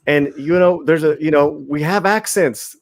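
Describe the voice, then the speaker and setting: A man's voice: a little high, moderate pace, no room sound. A man on a review roundtable, speaking hesitantly with lots of fillers. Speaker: panelist.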